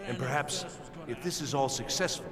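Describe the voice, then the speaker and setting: A man's voice: mid-range voice, normal speed, natural voice. A man voicing a fussy scholarly elf mage. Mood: measured. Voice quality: formal, polite. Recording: reverberant game audio.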